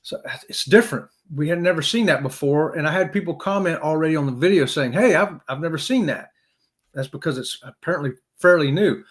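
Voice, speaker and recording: Male stream host, fairly high voice, talkative, joking, shouting out viewers. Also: fast talker, hardly any pauses. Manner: chatty, jokey, greets viewers by name. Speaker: host of a live cruise chat stream. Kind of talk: casual live-stream chat.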